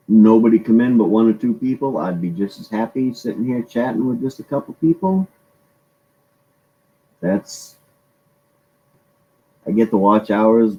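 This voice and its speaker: A man's voice: on the low side, mellow, muffled recording. A man hosting a casual live-stream chat, rambling along and greeting his viewers by name.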